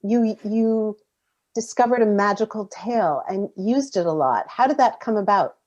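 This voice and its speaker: A woman hosting a behind-the-scenes interview over a video call, introducing each guest in an upbeat, measured way. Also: mid-range voice, darkish tone. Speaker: interviewer host. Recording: muffled lo-fi video call audio.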